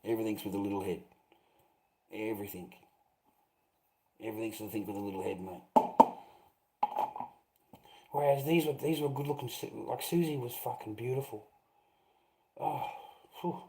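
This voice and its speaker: A man's voice: lowish voice, steady tone, fairly quick, pauses often, dark tone, a little hiss or hum, low-quality recording. A middle-aged Australian man telling a rambling anecdote, swearing often and filling gaps with "rah, rah".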